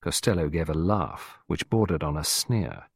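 A man giving an expressive scripted storybook narration as an audiobook narrator. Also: deep voice, normal speed, gravelly, breathy edge, no room sound, clean studio sound.

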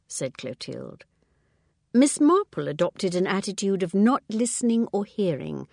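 A woman narrating an audiobook with calm, measured delivery. Her narration sits lower and steadier than her character voices. The recording is dry and close. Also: no echo. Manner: low, even narration between dialogue. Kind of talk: scripted narration.

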